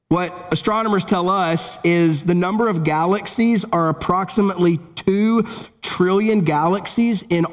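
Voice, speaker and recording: High-voiced animated male pastor. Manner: animated, conversational preaching with asides. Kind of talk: sermon.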